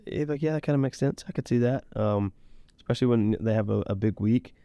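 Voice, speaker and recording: Man, podcast co-host, rambling and teasing, mellow darker voice, dry sound. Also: medium pitch, fairly quick, no echo, highs cut off. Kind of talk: casual chat. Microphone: podcast mic.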